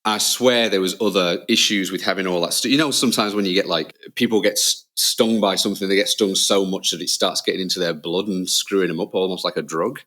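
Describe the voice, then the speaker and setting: A man, a father, co-hosting a podcast, telling stories in lively casual chat and acting out scenes with loud shouts. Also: low voice, a little fast, hardly any pauses. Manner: animated storyteller, acts out scenes with loud shouts. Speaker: podcast co-host.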